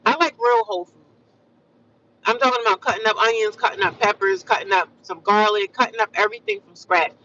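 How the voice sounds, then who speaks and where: An American woman chatting casually with her livestream viewers, animated and repetitive, calling them honey and sis. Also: mid-range voice, brisk, far from the mic, highs cut off, slight background noise. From United States. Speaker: livestream vlogger.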